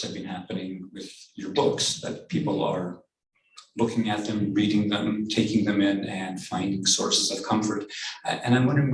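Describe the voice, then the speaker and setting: A man's voice: on the low side, creaky. A man hosting an author event, putting a question to his guest with courteous, hesitant phrasing. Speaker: event host and interviewer. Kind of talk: conversational interview. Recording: echoey, distant room mic.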